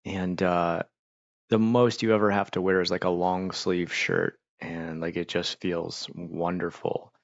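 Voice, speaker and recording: A man's voice: low voice, little pitch movement, measured pace, gravelly, no room sound, dull audio. A man from Pennsylvania hosting a casual livestream, rambling and chatting while he eats. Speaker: livestream host.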